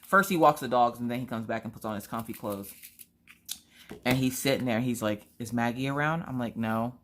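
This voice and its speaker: A woman's voice: a bass voice, a little fast, slight background noise. Casting note: woman in her 30s, chatty storyteller who jumps into her kids' voices. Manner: animated, acts out family members' voices. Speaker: vlogger. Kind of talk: casual storytelling chat.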